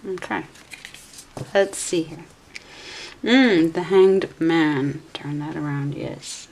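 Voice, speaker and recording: Low, gravelly-voiced woman reading tarot. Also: slow pace, darkish tone. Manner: musing aloud, self-correcting. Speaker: tarot reader.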